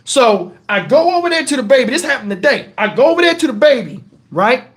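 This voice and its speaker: A man's voice: very high voice, fast talker. Rambling, profane storyteller man. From Texas, USA. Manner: animated, profane, rambling with many asides. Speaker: channel host. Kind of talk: casual storytelling to camera.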